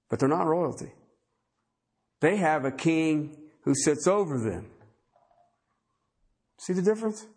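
A man's voice: a little high, animated, takes it slowly, pauses often, darkish tone. A man preaching a sermon, talking conversationally and emphatically and firing rhetorical questions at the congregation.

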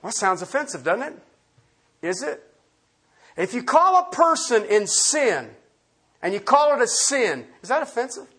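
A man's voice: very high voice, very animated, normal speed, pauses often, fairly bright tone, breathy edge. A man preaching a sermon as pastor, emphatic and quizzing the congregation with questions.

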